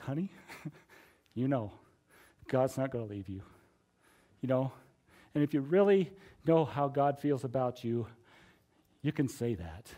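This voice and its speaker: In a mid-range voice, a middle-aged preacher tells his own testimony during a sermon that feels like a conversation. His manner is sincere and talkative, dotted with fillers and gentle chuckles.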